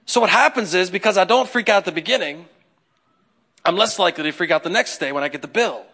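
Brief: male pastor, bright and high-voiced, who jokes with the congregation during the sermon. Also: fast. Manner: joking, talks straight to the congregation. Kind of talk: humorous conversational sermon.

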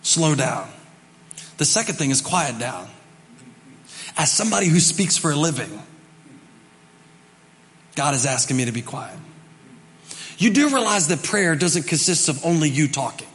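A male pastor giving a conversational sermon, shifting between loud emphasis and soft, quiet passages. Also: fairly high pitch, sing-song, unhurried, long pauses, big-room sound, a little hiss or hum. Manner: conversational preaching with dramatic swings from loud to soft. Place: church sanctuary.

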